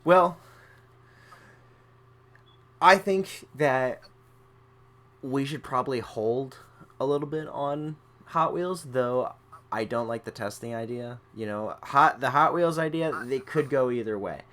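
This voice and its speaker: A man's voice: medium pitch, a bit bright. A young man hosting a casual gaming podcast, talking in a laid-back, rambling way with lots of fillers. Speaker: podcast host.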